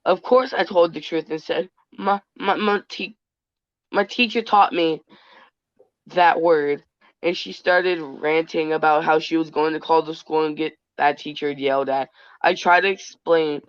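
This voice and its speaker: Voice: medium pitch, fairly even intonation, measured pace, clear, resonant tone, no echo, dull audio. A young person telling a funny childhood story in casual chat.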